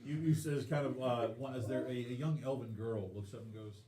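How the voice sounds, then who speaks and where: A man with a Southern US accent, running a tabletop game as game master, narrating haltingly with many fillers and restarts. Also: medium pitch, fairly even intonation, dark tone. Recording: echoey room, faint noise.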